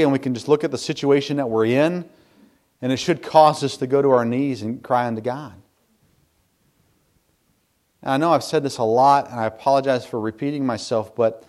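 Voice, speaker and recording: A man's voice: mid-range voice, darkish tone. A man preaches a sermon with an earnest, explaining manner. He reads scripture aloud and repeats words as he works through his thoughts. His voice sits in an ordinary middle register. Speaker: pastor.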